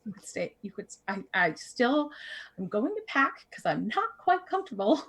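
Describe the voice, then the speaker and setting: Woman doing kindly village woman, nervous, soft, halting, fairly high voice. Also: big pitch swings, slightly rough, heavily acted. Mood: fretful.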